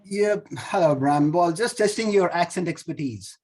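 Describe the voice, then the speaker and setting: A man's voice: high-pitched, moderate pace, darkish tone. A man from India with a mixed accent carrying traces of New Zealand, speaking playfully and teasingly as an attendee on a video call. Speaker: meeting attendee. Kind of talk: online meeting chat.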